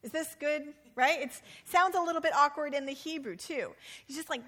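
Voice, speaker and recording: A woman preacher giving a sermon, animated and humorous, with playful asides. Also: high voice, normal speed.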